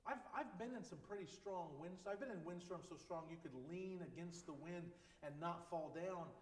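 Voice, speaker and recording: A man's voice: sits high, normal speed. A man preaching an informal sermon as a pastor, speaking conversationally with joking asides. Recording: echoey hall with long reverb.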